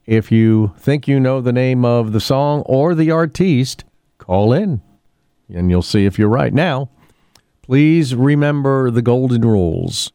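A man's voice: medium pitch, slow pace, dark tone, clean tone, no room sound. Guy on small-town radio, rambly and chatty, dead dry studio sound. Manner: rambling, chatty, with many fillers and restarts. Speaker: radio host. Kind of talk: casual local radio chat.

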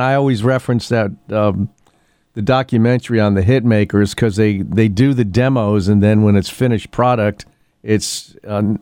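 A man's voice: lowish voice, darkish tone, no room sound. A man hosting a casual local radio show, chatting in a rambling way with many fillers and restarts. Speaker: radio host. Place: radio studio.

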